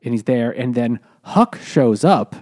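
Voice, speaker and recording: A man's voice: mid-range voice, lively intonation, unhurried, a little mellow. A man talking casually about a book as a podcast co-host, rambling with many restarts and fillers, and laughing easily. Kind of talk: casual chat.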